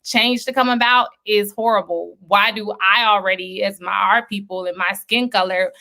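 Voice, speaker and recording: A woman hosting a film screening stream in a chatty, animated way, with many fillers and laughs. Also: mid-range voice, moderate pace, vocal fry. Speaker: host. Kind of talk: casual livestream chat.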